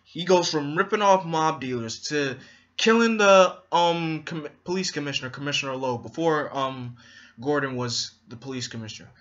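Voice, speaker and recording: A man's voice: fairly high pitch, sing-song, moderate pace, fairly bright tone, highs cut off. A man giving an enthusiastic, rambling movie review in a casual vlog.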